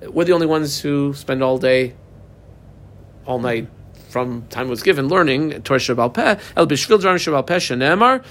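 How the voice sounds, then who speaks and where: A man giving a text study lesson, reading a passage aloud and then explaining it phrase by phrase in a conversational way, with pauses and rhetorical questions. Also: mid-range voice, animated, a bit bright. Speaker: religious text teacher.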